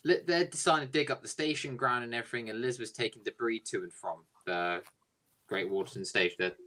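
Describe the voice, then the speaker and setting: A man's voice: medium pitch, fast, bright, forceful tone. A man casually improvising a jokey story, rambling and swearing freely.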